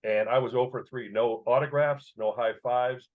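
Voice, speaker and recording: Speaking at a moderate pace with fairly even intonation and a medium pitch, a Chicago-raised man in his sixties shares a vivid, emotional childhood memory. He is an author appearing as an interview guest, captured in dull, lo-fi audio.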